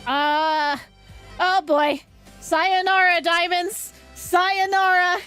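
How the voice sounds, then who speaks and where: A young woman streamer reacting out loud as she pulls on a game banner, groaning and cheering at the results. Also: very high voice, expressive, measured pace, soft background music. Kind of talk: live gacha game stream.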